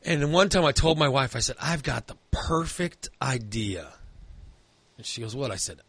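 Rambling bright-voiced man telling a story. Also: mid-range voice, animated, normal speed, gravelly, slightly rough, dry recording. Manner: rambling storytelling with many fillers and restarts. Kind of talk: casual chat.

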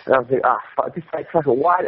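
A man telling a rambling, animated story in casual conversation, swearing often and restarting his sentences. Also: medium pitch, quick pace. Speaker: guest comedian. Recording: dull radio-style audio with faint noise.

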